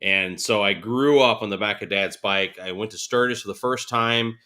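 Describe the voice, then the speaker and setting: A man's voice: fairly low pitch, normal speed. A man in his forties, a guest on an interview show, telling stories casually and acting out what others said. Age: 40s. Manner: animated storyteller, laughing, acts out quotes.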